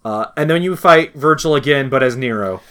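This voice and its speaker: A man in casual chat about a video game, excited and rambling, acting out quotes in passing. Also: medium pitch, fairly quick, smooth.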